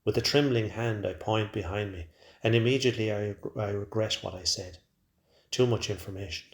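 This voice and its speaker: A man narrating a first-person story in a quiet, measured way. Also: lowish voice. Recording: roomy echo.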